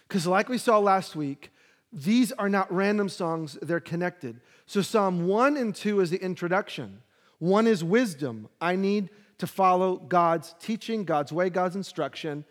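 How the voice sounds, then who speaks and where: A man's voice: high voice, big-room sound. A man preaching a sermon, reading scripture with rising emphasis and slipping into casual asides. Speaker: pastor.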